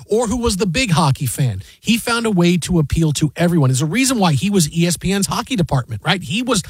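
Sports talk co-host, male, thirties; slightly husky, animated storyteller, acts out quotes. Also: high voice, no echo. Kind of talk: casual radio chat.

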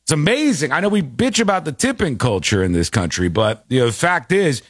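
A man hosting a talk show, giving animated, opinionated commentary and laughing easily. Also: on the high side, brisk, breathy edge, no room sound, clean studio sound. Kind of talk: casual commentary.

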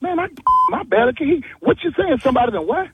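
A man's voice: very high voice, sing-song, fast, a little hiss or hum. A man on a phone call, exasperated and blunt, who keeps repeating himself and telling the caller to hold on. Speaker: prank call target. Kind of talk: heated phone conversation. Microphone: phone line.

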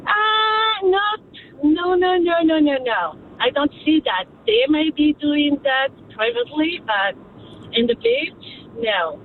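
Over a tinny phone line with faint traffic noise, a female caller chats on a radio show in accented, non-native English. Her voice is high, with lively intonation and a slow pace, and she hesitates often, using many filler sounds.

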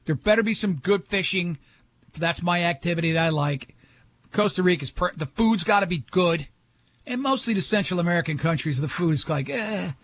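A man's voice: sits high, moderate pace, fairly bright tone, slight background noise. An older man hosting a radio show, telling rambling, jokey stories in casual banter.

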